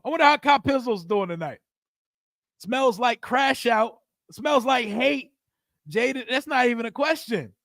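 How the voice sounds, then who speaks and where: Brash high-voiced man in his forties. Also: measured pace, fairly bright tone, no room sound, studio quality. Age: 40s. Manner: brash, hyped trash talk. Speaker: livestream host. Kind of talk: post-game fan livestream.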